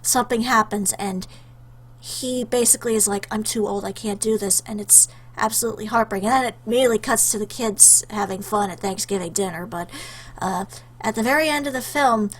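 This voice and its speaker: A woman's voice: a little high, fairly bright tone. A young woman chatting casually to her webcam, rambling with lots of fillers and restarts, choked up with emotion. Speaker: YouTuber answering a questionnaire.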